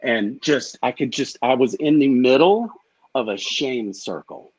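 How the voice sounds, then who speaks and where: A man's voice: mid-range voice, lively intonation, a little slow, breathy edge, low-quality recording. A middle-aged man guest candidly recounting an emotional story in an interview, swearing freely and acting out the exchanges. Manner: candid, profane, acts out quoted exchanges.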